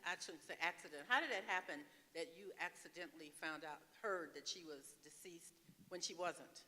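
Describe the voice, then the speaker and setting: Bright-voiced woman interviewer on stage. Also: lowish voice, normal speed. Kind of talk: live panel interview. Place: large hall at a live event. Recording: reverberant hall.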